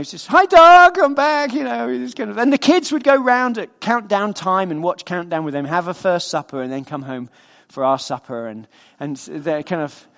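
A man preaching a sermon with a fairly high voice. He talks earnestly and conversationally, drifting easily into personal stories.

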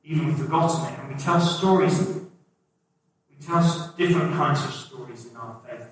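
A man's voice: a little high, normal speed. A middle-aged man preaching a sermon in a conversational way, putting questions to the congregation. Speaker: pastor. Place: church hall. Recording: echoey hall, voice from a distance.

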